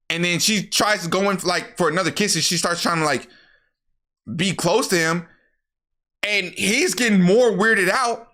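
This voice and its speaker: A young man tells a movie plot in a loose, profane, animated way. His voice sits a little high and comes out bright and sharp. He keeps slipping into the characters' lines as he talks. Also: normal speed. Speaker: YouTuber recapping a movie. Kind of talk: casual movie recap.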